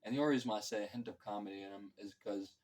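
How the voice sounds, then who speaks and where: Rambling low-voiced man reviewing a film. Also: fairly even intonation, very fast, a little mellow, rough recording. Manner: filler-heavy, loose and profane, acts out quotes. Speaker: movie reviewer.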